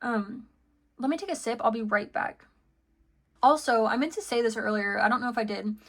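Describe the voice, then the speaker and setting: A woman's voice: fairly high pitch, normal speed, a bit bright. A woman giving a casual tarot reading, rambling and chatty with lots of fillers and restarts, laughing between thoughts. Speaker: tarot reader.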